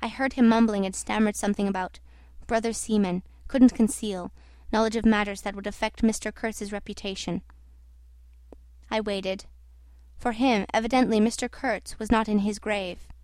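A woman reading a novel aloud in a measured, reflective narrating voice. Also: medium pitch, steady tone, darkish tone, no room sound, clean studio sound. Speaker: audiobook reader. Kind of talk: literary narration.

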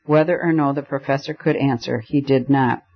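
A man narrating an audiobook in a measured, even storytelling manner. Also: medium pitch, husky. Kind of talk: scripted narration. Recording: dull lo-fi recording.

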